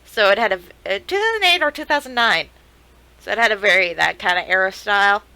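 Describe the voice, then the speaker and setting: A young woman streamer giving casual, excitable reaction commentary, swearing and laughing as she talks to the screen. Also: mid-range voice, fast, clear, resonant tone, dry recording, poor audio.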